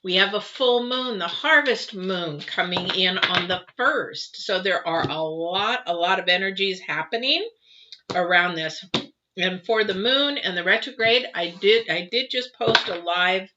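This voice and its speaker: A woman with a medium-pitched voice, speaking a little slowly, reads tarot cards live for viewers. She's chatty and rambling, with many ums and restarts, on a dull lo-fi recording with clear background noise.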